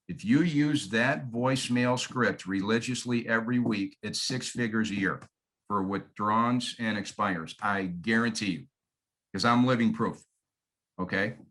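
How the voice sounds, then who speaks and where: A man's voice: on the low side, a bit bright, low-quality recording. A man in his fifties from Michigan, with a Michigan accent, giving a folksy, emphatic sales training talk and checking in with "okay?". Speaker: real estate trainer.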